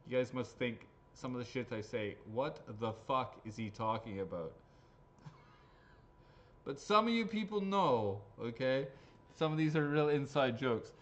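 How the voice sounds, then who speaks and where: A man hosts a live prize draw in loose, rambling chat full of crude jokes. His voice sits at an ordinary middle pitch. The audio is a little dull and lo-fi. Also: animated, a little slow, a bit bright. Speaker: raffle host. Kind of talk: casual live-stream chat. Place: his golf shop or driving range.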